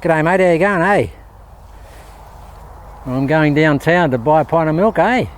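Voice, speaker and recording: A man's voice: on the high side, animated, unhurried, slight background noise. A man with a Northern Queensland Australian accent, imitating a friendly outback local who tacks "eh" onto every sentence. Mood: jovial. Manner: broad, ends every sentence with "eh".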